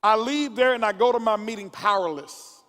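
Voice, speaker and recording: A man's voice: high-pitched, moderate pace, a bit bright. A man giving a motivational speech to a conference audience, stumbling through repeated words and building up like a preacher. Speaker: motivational speaker. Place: large conference hall. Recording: long hall reverb from a live event.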